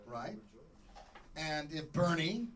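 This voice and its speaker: A man doing a stand-up comedy set on a club stage, rambling and joking, acting out little scenes with sudden shouts. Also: on the high side, expressive, takes it slowly, noisy background.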